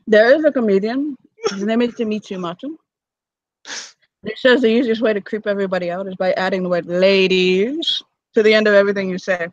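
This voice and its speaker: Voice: mid-range voice, brisk, pauses often, no room sound. A player in a tabletop game, wry and teasing with the others. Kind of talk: tabletop role-play chat. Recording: dull lo-fi mic.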